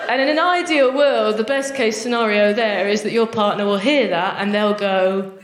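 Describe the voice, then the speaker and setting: A woman's voice: mid-range voice, moderate pace. A woman performing a chatty, cheeky stand-up set with crowd work at a live venue. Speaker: stand-up comedian. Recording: roomy live hall sound.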